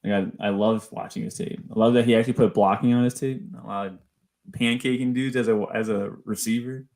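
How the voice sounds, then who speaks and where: A man's voice: on the low side, steady tone, brisk, a little mellow. A man co-hosting a casual sports podcast, enthusiastic and analytical, with many fillers. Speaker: podcast co-host.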